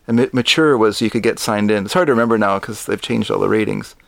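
A man's voice: lowish voice, fast, gravelly, dry recording. A middle-aged man chats loosely about films as a podcast co-host. He rambles, restarts and corrects himself mid-thought. His voice sits close and dry, with no room around it. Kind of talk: casual film discussion.

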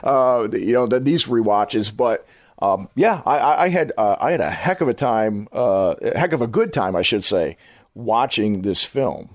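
A man's voice: mid-range voice, animated, normal speed, no room sound. A man hosting a podcast, chatting casually about films in a rambling, enthusiastic way that circles back and corrects itself. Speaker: podcast host. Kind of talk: casual film-review chat.

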